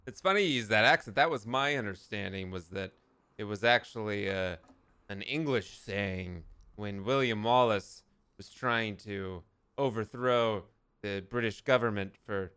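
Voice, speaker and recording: A man co-hosting a comedy podcast in a lowish voice with a bright, crisp tone. He delivers mock-scholarly nonsense with a dry, matter-of-fact air, as if explaining real history. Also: a little slow. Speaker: podcast co-host. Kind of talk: casual comedic podcast chat.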